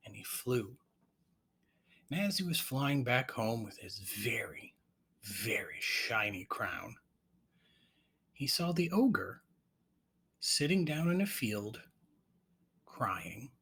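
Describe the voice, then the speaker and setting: A man narrating an improvised bedtime story, gentle and halting. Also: mid-range voice, very animated, slightly rough.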